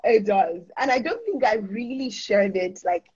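A woman's voice: medium pitch, lively intonation, normal speed, a little mellow, husky. A woman with a Nigerian accent, co-hosting a casual faith chat on a livestream, chatty and playful. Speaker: co-host. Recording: dull lo-fi livestream audio.

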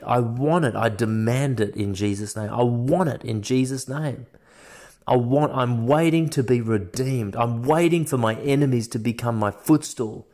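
Male preacher, mid-pitched, unhurried, emphatic and repetitive delivery. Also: a little mellow. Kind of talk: fiery street-style sermon.

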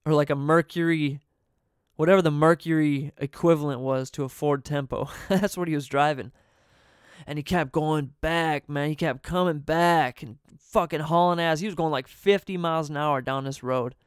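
A man's voice: on the high side, fairly even intonation, moderate pace, clean tone, no room sound, clean studio sound. A man casually telling a story in a profane, laid-back way, laughing between sentences and dropping "man" often.

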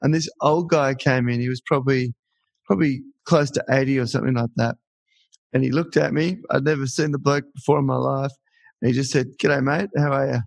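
A co-host tells a story in an easy, conversational way. His voice carries a gravelly texture. The sound is dry, with no room around it. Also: mid-range voice, fairly even intonation, a little fast, dry recording. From Australia. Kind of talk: casual storytelling.

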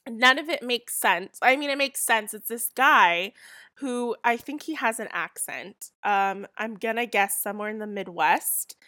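A woman's voice: a little high, a little slow, bright, forceful tone, no room sound, clean studio sound. A young woman with a Southern California accent, hosting a casual solo podcast, rambling and chatty with lots of fillers while getting over a cold. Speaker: podcast host.

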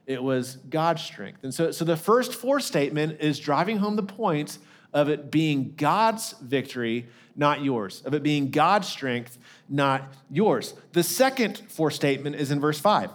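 A man's voice: a little high, expressive, a little slow. Casual, conversational man preaching a sermon. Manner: conversational preaching with frequent restarts and asides. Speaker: lead pastor.

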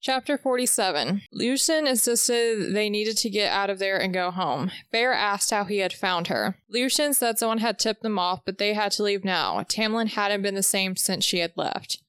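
A woman reading aloud a chapter-by-chapter recap of a novel, with the dialogue read in a steady, even pace. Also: mid-range voice, normal speed, hardly any pauses, clean tone, dry recording.

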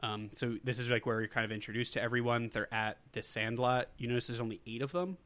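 A man's voice: medium pitch, fast talker, a bit bright. A man co-hosting a podcast, recapping a movie in a rambling, casual way with lots of fillers. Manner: rambling, full of fillers and quoted lines. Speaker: podcast co-host.

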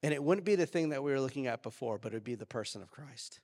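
A young man preaching a sermon as pastor, telling a personal story in a lively, animated way. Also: mid-range voice, fast talker. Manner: storytelling, animated, acts out quoted voices. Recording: reverberant church hall.

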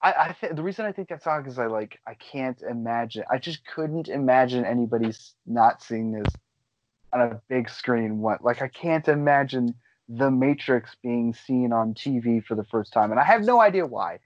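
Jokey man with a lively voice. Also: mid-range voice, no room sound, dull audio. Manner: jokey, laughs often, quick asides. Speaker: podcast co-host. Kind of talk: casual chat.

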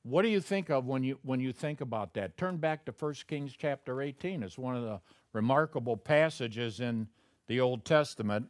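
Male pastor, conversational sermon, emphatic peaks, dry close sound, mid pitch. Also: normal speed, dry recording. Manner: conversational preaching, rising to loud emphatic peaks.

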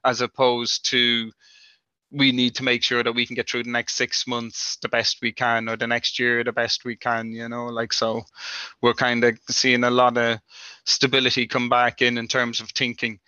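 A man speaks in an even, level tone with a bright, clear voice, rambling through his answers and leaning on "you know, like" as he goes. The audio is dry and a little dull, like a remote call. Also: mid-range voice, normal speed, no room sound. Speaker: industry guest. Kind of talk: conversational interview answers.

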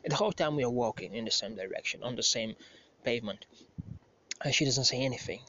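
A man's voice: medium pitch, fast, sharp tone, a little hiss or hum. Profane, rambling man in his thirties. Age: 30s. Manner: profane, rambling, self-correcting. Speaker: podcast host. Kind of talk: casual anecdote telling. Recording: slightly muffled lo-fi recording.

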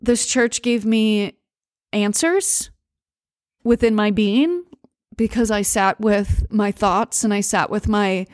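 An American woman hosting a podcast, talking through a personal story in a halting, emotional way with many pauses and restarts. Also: mid-range voice, no room sound, studio quality. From United States. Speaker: podcast host. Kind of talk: personal monologue.

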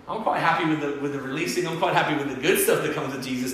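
Male pastor, fairly high voice, animated storyteller, preaching in an echoey church hall with faint ambience. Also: fast, slight background noise. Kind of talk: sermon. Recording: roomy church hall sound.

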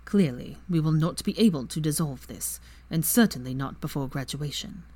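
A woman voicing a cold, haughty older wizard father in a fan story reading, with slow, measured lines. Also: low-pitched, lively intonation, warm tone.

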